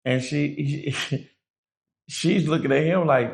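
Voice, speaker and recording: A man's voice: medium pitch, measured pace, gravelly. A middle-aged man, a guest, telling a prison story in casual, profane street talk, acting out the people he quotes.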